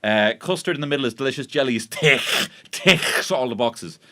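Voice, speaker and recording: Brisk, bright, and forceful, this man speaks at medium pitch with lively intonation and an Irish accent. Hosting a podcast from the studio, he rants through a baking show recap with sarcasm, swearing, and mock outrage.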